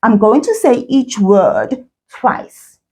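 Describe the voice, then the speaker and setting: A woman teaches children in a slow, patient cadence, her fairly high voice bouncing up and down with lots of melody. She repeats each word carefully and cheers her young learners on, with faint music underneath. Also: sing-song, darkish tone. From South Africa. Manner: slow, encouraging, repeats words for learners to echo. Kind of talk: children's language lesson.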